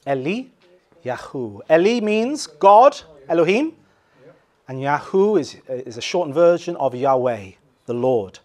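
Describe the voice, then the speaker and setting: A male pastor with an English accent preaching a sermon, swinging from loud acted cries to quiet, low emphasis. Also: big pitch swings, a little slow.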